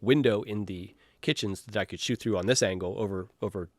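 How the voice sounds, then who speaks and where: A man's voice: fairly low pitch, fairly quick, dry recording. Rambling man giving a director's commentary. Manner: rambling, enthusiastic, many fillers and restarts. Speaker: film director. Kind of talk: director's commentary, casual chat.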